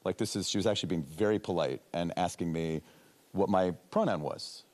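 Low-voiced male journalist in a hall. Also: darkish tone. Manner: halting, with many restarts. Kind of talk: panel discussion. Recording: long hall reverb.

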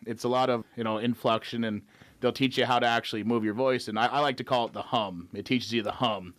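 A man's voice: medium pitch, steady tone, fast talker, a bit bright, no room sound. A man from North Dakota, an auctioneer, chatting easygoingly in an interview and laughing often. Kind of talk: casual interview chat.

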